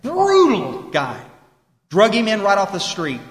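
Folksy male meeting speaker, emphatic, high-pitched, recorded live in a reverberant hall. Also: huge pitch swings, measured pace. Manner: folksy, emphatic, quotes people in voices. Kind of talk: recovery talk to a meeting. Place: meeting room.

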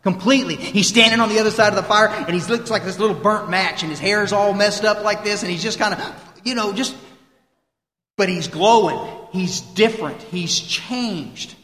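Man, high voice, earnest recovery talk, repeats for emphasis, roomy echoey hall. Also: moderate pace, sharp tone. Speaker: guest speaker at a recovery meeting.

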